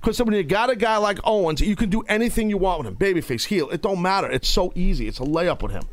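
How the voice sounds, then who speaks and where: Brash wrestling podcast host, dry studio sound. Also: male voice, sits high, expressive, fast, dry recording. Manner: loud, playful, breaks into shouting bits. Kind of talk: casual wrestling talk. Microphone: studio mic.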